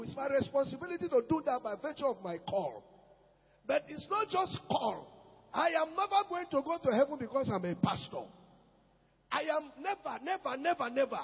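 Pastor preaching, shouts then mutters, dull muffled recording w faint music behind. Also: male voice. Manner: swings from shouting to low murmurs. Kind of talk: sermon. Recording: echoey hall with dull sound and music.

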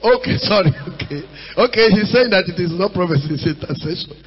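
High-voiced Nigerian preacher, shouting. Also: male voice, brisk, breathy edge. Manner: animated preaching with shouts, mimicry and Pidgin asides. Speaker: pastor. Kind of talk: sermon. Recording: dull sound in a reverberant hall.

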